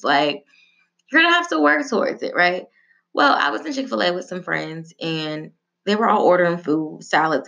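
A woman giving a prayer and a sermon-style talk, chatty and animated, with slang and asides. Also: lowish voice. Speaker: devotional speaker. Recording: dull lo-fi sound with faint music.

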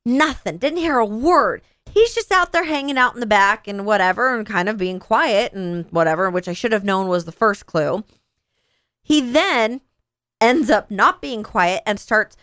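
Woman in her 30s, lively storyteller, slightly high voice, very dry close sound. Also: moderate pace, no echo. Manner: animated, acts out a child's and others' voices in her stories. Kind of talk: casual storytelling chat.

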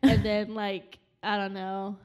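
A woman's voice: medium pitch, takes it slowly, clean tone. A woman co-hosting a podcast in casual chat, talking through a stuffy nose, swearing and laughing as she tells stories. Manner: swearing, laughing, animated storytelling. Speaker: podcast co-host. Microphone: studio mic.

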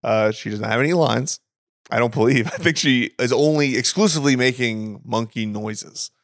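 Gravelly man chatting about movies. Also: mid-range voice, moderate pace, no echo, studio quality. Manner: laughs often, rambling with restarts. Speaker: podcast co-host. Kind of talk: casual film chat. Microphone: studio microphone.

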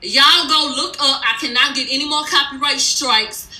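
A woman's voice: high-pitched, normal speed, bright, forceful tone, reverberant, rough recording. A woman recapping a reality show in a casual, blunt and heated way, swearing freely. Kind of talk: casual profane storytelling recap.

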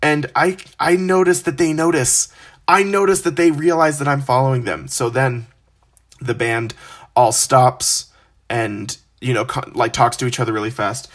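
Young male podcast host, casual storyteller, animated and self-deprecating. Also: medium pitch, unhurried. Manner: animated, self-deprecating, acts out quoted voices.

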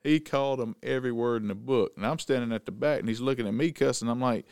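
A man's voice: mid-range voice, fast talker, creaky, smooth, dry recording, studio quality. A man hosting a casual chat and telling a story, acting out the quotes. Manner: animated, acts out the quotes. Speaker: show host telling a story.

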